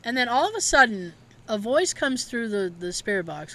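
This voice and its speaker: A woman's voice: fairly high pitch, sing-song, moderate pace, a bit bright. A young woman chatting casually as a podcast co-host, telling stories, acting out the quotes and laughing often. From Massachusetts. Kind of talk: casual chat.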